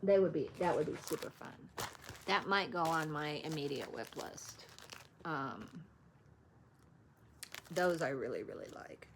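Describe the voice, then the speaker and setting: Chatty woman with a gravelly voice. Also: low-pitched, a little slow, pauses often, a little hiss or hum. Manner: chatty, rambling, self-interrupting. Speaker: cross-stitch vlogger. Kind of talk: casual show-and-tell chat.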